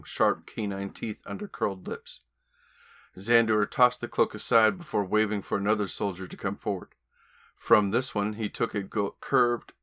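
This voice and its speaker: A man, an author and podcast host, reading his own novel aloud with steady storytelling. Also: fairly low pitch. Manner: steady storytelling with occasional stumbles.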